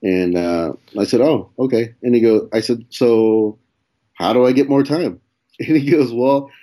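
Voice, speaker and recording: Unhurried and warm in a mid-range voice, a young guest comedian eases through a story in casual conversation. He's laid-back, drops swear words, and voices the quoted dialogue with laughter.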